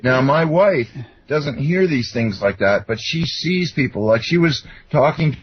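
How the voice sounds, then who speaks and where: A man's voice: a little high, expressive, unhurried, slightly rough, no room sound. Rambling man telling anecdotes, lo-fi. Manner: rambling, anecdotal, many fillers and restarts. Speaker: guest. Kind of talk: casual storytelling interview. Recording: dull lo-fi sound.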